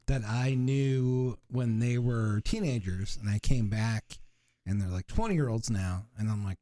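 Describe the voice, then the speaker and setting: A man's voice: fairly low pitch, darkish tone. A man from Southern California, a podcast guest, rambling through stories with lots of swearing and restarts. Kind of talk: casual profane chat.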